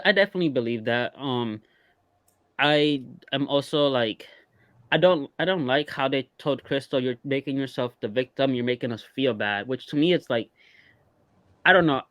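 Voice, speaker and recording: A man co-hosting a casual reality TV recap podcast, talking in a relaxed, hesitant way with many fillers. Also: medium pitch, normal speed, no room sound. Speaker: podcast co-host.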